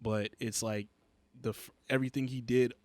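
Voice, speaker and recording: Man, mid-pitched, dry close recording, slangy relaxed podcast talk. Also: moderate pace, no room sound. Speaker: podcast co-host. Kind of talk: casual podcast chat.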